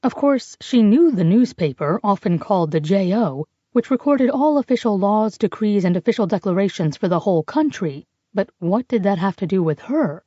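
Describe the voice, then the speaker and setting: A woman narrating a novel in a measured, even way. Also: mid-range voice, dry recording, lo-fi sound. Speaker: audiobook narrator. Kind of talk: scripted narration.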